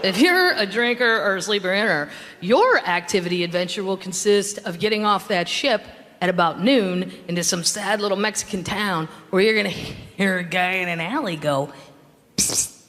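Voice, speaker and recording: A woman's voice: mid-range voice, moderate pace, fairly bright tone. A middle-aged woman doing stand-up comedy storytelling with a handheld stage mic, wry and mock-indignant, in a comedy club with a live audience. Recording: reverberant live club recording with noise.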